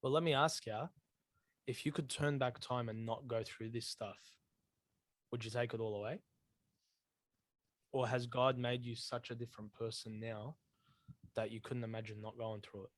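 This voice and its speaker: A man's voice: medium pitch, flat delivery, moderate pace, long pauses, dry recording. Earnest man, dry close sound. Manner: earnest storytelling with slang. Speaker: podcast co-host. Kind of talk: casual faith chat.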